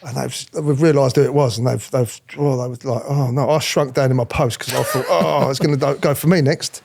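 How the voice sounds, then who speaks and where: With a gravelly, medium-pitched voice and a slightly fast pace, a middle-aged man recalls his royal protection officer years. The candid storytelling interview is blunt and animated, with free swearing and imitations of the people he discusses.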